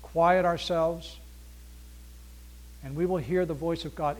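A man preaching a sermon as pastor, swinging between loud emphasis and near-whispered hushes, acting out dialogue and asking rhetorical questions. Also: fairly high pitch, steady tone, moderate pace.

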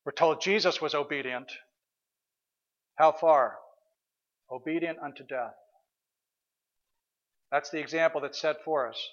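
A man's voice: on the high side, a little slow, long pauses, a bit bright, highs cut off. A man preaching a sermon as pastor, earnest and questioning, sometimes hesitating and restarting.

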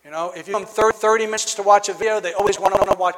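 A man with a high voice delivers a reflective sermon, pausing and restarting his phrases as he thinks aloud. His voice rings out with a long reverb, as if he were in a large hall. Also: fairly even intonation, fairly bright tone, slight background noise. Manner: reflective, halting with frequent restarts. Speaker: preacher.

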